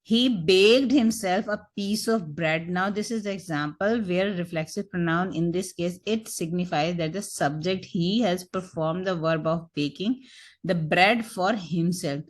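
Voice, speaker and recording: Female teacher, slightly low voice, explains patiently with rhetorical questions. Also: a little slow. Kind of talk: recorded grammar lecture.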